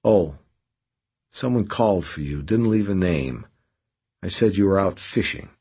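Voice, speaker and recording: A man reading an audiobook, voicing a brisk, bossy young wife in a sharp, scolding manner. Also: low voice, animated, breathy edge, full character voice. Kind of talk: audiobook character voice.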